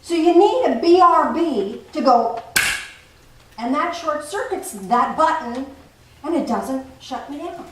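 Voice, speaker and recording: A woman giving a playful, animated spiritual talk to a group, often laughing as she teaches. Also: high voice, measured pace. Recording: echoey room from far off, faint noise.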